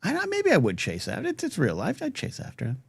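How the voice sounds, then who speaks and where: A man's voice: sits high, wildly swooping pitch, quick pace, vocal fry, slightly rough, dry recording, clean studio sound. A man hosting a live talk show, upbeat, reading chat questions and poll results. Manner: upbeat, frequent back-channel "mm-hmm". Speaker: host.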